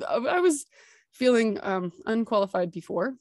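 A woman hosting a podcast, telling a personal story in an excitable, gushing, animated way. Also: mid-range voice, moderate pace, no echo, clean studio sound. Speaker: podcast host.

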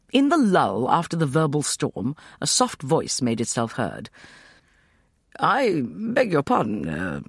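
A man narrating an audiobook in a wry, expressive manner. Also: on the high side, no room sound, clean studio sound.

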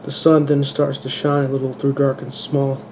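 Monotone man reading his own story. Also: medium pitch. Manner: halting, restarts words. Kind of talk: amateur audiobook reading. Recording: dull lo-fi home recording with faint hiss.

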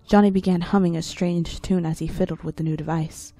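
A woman narrating a creepy audiobook story in a low, gravelly storytelling voice. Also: steady tone, fairly quick, mellow, dry recording. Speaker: story reader.

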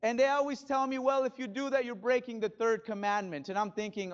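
A male pastor preaching a sermon in a church, dramatic, swinging from loud bursts to hushed drops. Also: extremely high pitch, fairly even intonation, a little fast, few pauses, lo-fi sound. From Spanish-speaking background. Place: church sanctuary.

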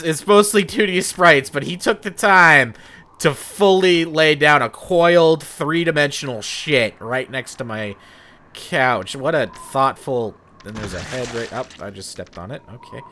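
A man doing profane, joking commentary over a video game he is playing. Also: a little high. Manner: profane, excitable, sarcastic jokes while playing. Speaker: let's play commentator. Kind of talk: gameplay commentary.

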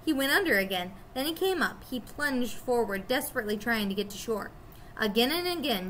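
A woman teacher reading a children's chapter book aloud to her students, expressive and storytelling. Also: fairly high pitch, slight background noise.

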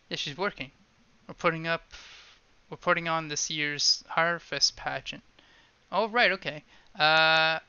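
Bright, wry man playing a game. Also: fairly high pitch, clean tone. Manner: wry, offhand reading of game lines. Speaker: let's play gamer. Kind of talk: casual game playthrough, reading dialogue aloud. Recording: slightly dull lo-fi sound.

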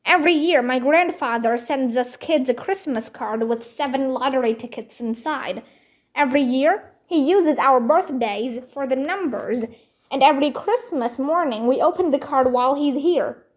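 A woman's voice: sits high, normal speed. A woman reading aloud, giving a worried, subdued boy his lines in a voice close to her own. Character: boy Lucky, worried older brother.

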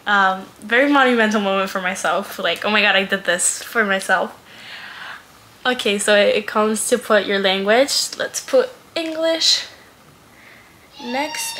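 Gushing young woman, bright voice. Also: mid-range voice, slight background noise. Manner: gushing, giggly, says "oh my god" often. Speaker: vlogger. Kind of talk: casual unboxing vlog.

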